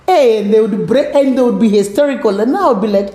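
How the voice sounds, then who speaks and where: A middle-aged woman with a Kenyan accent, telling her personal story as an interview guest, animated and acting out the voices of others. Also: on the high side, fast talker, few pauses, roomy sound. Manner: animated, acts out quoted voices, mixes in Swahili words.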